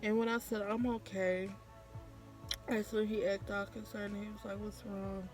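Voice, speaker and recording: A woman's voice: mid-range voice, little pitch movement, normal speed, music in the background. A woman vlogger, telling a candid, profane story in casual storytime style. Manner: candid, profane, acts out quotes.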